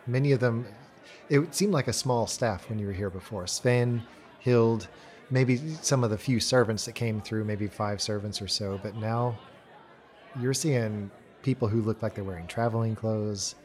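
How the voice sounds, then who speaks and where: A man narrating calmly as game master of a tabletop role-playing game. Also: fairly low pitch, moderate pace, some chatter behind. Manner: calm descriptive narration.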